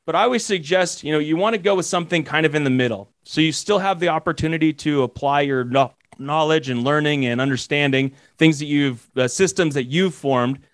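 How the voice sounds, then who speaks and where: Speaking slightly quickly with hardly any pauses, a commercial real estate broker who also mentors gives rambling sales tips in a casual podcast setting. His pitch leans high, and he keeps breaking off to begin sentences anew.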